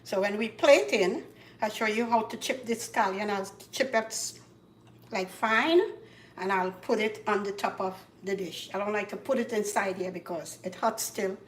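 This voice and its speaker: A woman with a Caribbean accent hosting a casual cooking demonstration, chatty and repeating herself, getting loud and emphatic when she makes a point. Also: mid-range voice, normal speed, recorded from a distance. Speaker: cooking show host. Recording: echoey kitchen, voice from off-mic. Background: faint clatter of pots and dishes.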